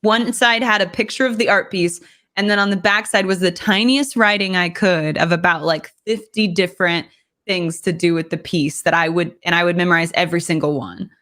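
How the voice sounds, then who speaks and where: A woman's voice: lowish voice, a little fast, a bit bright. A woman chatting casually as a guest player, bubbly and rambling and laughing often. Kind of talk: casual chat.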